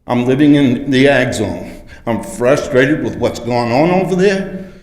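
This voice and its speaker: A man's voice: medium pitch, animated, a little slow. A man in his sixties, emotional and frustrated, pleading his case during public comment at a city council meeting. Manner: earnest, frustrated and pleading, growing forceful. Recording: echoey council chamber with long reverb.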